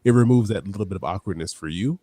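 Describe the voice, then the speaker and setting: Fast-talking man with a low, dark voice. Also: no echo. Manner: fast-talking, laughs often, playful teasing. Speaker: podcast co-host. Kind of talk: casual live chat.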